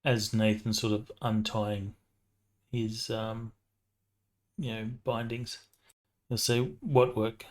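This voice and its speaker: A man's voice: on the low side, little pitch movement, slow pace, pauses often. A man speaking as a player in a tabletop game, matter-of-fact. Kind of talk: casual tabletop play.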